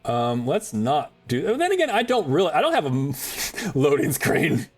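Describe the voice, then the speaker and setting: A man's voice: on the high side, wildly swooping pitch, normal speed, a little mellow. A man streaming a video game, talking in casual commentary; he jokes, swears and rambles, laughing often. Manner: joking, profane, rambling with frequent laughs.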